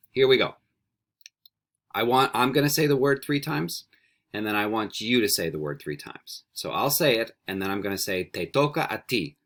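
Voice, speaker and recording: A man's voice: on the low side, a bit bright. A man teaching a beginner Spanish video lesson, patient and encouraging, switching between English and Spanish. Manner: patient, encouraging, repeats words slowly for students. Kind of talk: recorded classroom video lesson.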